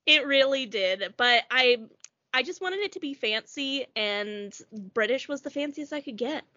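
A woman co-hosting a podcast in casual chat, animated and acting out little quotes as she talks. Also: sits high, measured pace, no room sound, lo-fi sound. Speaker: podcast co-host.

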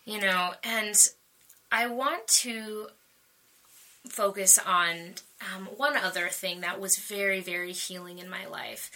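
A woman sharing a personal faith story in conversation, animated and emotional, laughing often. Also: mid-range voice, takes it slowly, low-quality recording.

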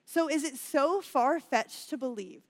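Woman, young, high voice, chatty sermon, laughs a lot, long hall reverb. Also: unhurried. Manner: chatty, laughs often, says "y'all". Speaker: church speaker. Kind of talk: sermon with personal story.

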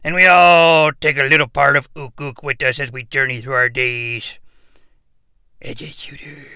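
Male actor as a boastful old wrestling patriarch: slow, halting, gravelly, bright and smooth, close dry mic. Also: medium pitch, no echo, heavily acted. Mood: musing. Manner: rambling, halting, full of uh and well. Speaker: comic character on a podcast. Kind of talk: improvised comedy podcast.

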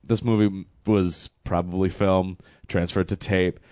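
A man's voice: sits low, little pitch movement, unhurried, a little mellow, no room sound, clean studio sound. A man co-hosting a casual movie review podcast, talking in a blunt, exasperated, sarcastic way. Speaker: podcast co-host.

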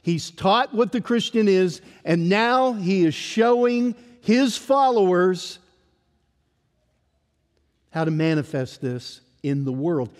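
A man preaching a sermon in an emphatic way, often dropping to a hush at the ends of phrases. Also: high voice, expressive, slow, in a large hall.

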